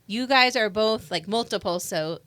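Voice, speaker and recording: A woman's voice: mid-range voice, normal speed, pushed and bright, no room sound. A young woman who is a guest on a student radio show, asking friendly questions in casual chat.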